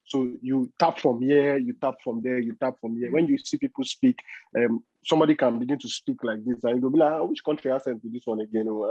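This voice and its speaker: A man, a joking and animated panelist in a studio chat. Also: medium pitch, slightly rough, no room sound, muffled recording. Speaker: guest panelist.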